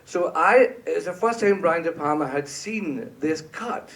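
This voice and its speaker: Animated man telling a lively anecdote. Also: on the high side, measured pace, recorded from a distance. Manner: animated, laughing, acts out quotes. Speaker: film composer, panel guest. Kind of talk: anecdotal storytelling on stage. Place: stage at an awards event.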